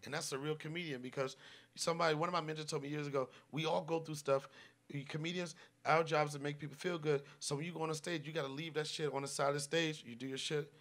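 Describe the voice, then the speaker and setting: A man hosting a live comedy podcast, telling stories loudly and with swearing, and dropping his voice low for serious moments. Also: steady tone, fast. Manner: loud, profane storytelling, drops low for serious moments. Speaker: podcast host.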